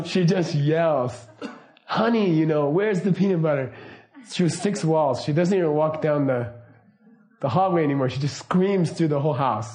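A middle-aged man giving a casual, anecdotal teaching talk, relaxed and laughing often. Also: a little high. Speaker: Buddhist teacher.

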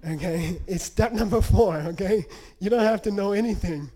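Mellow-voiced man teaching meditation. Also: high-pitched, normal speed. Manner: conversational, checks in with "okay?" and "you know". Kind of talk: storytelling lesson.

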